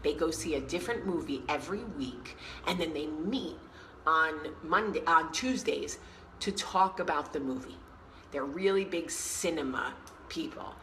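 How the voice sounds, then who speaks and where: This is a woman telling a story in a casual vlog, her voice sitting low in pitch. Her tone is bright and forceful, and she acts out the people in her story as she goes. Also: measured pace, slight background noise, low-quality recording. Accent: New York. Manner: chatty, animated storyteller who acts out quotes. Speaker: vlog host.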